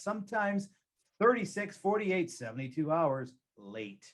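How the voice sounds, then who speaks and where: A real estate agent, a man with a voice on the high side, gives advice in a conversational interview, repeating key phrases for emphasis.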